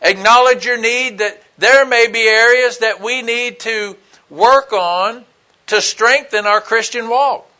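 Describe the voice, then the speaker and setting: High, bright-voiced man preaching casually. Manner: casual, plain-spoken, fillers like "you know" and "man". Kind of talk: conversational sermon.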